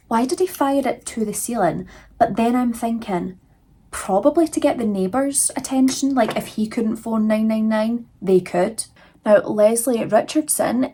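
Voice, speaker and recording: Husky-voiced young woman telling true crime. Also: mid-range voice, darkish tone. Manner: chatty, conversational, many fillers. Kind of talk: casual true crime retelling.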